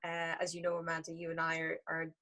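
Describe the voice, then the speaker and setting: A woman with an Irish accent, speaking hesitantly with many pauses and fillers from a tablet on a video call. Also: deep voice, monotone, sharp tone, rough recording. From Ireland. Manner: hesitant, many ums and uhs. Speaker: class participant. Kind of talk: casual group video call.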